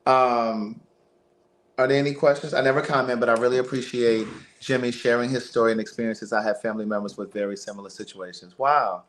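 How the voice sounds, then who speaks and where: Guy on a livestream telling a story, animated, keeps repeating words, echoey room, mid pitch. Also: brisk, slight background noise. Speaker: livestream host. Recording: roomy echo.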